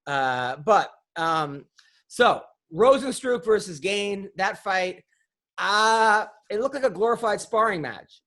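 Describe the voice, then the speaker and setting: A man's voice: sits high, expressive, takes it slowly, fairly bright tone. A man hosting a podcast, telling rambling comic stories in casual chat, swearing freely and restarting his sentences. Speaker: podcast host.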